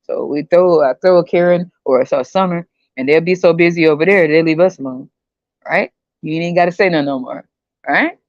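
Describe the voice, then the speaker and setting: Animated, laughing woman podcast host. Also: sits low, a little fast, dry recording, highs cut off. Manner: animated, laughs often, slangy. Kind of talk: casual comedic rant.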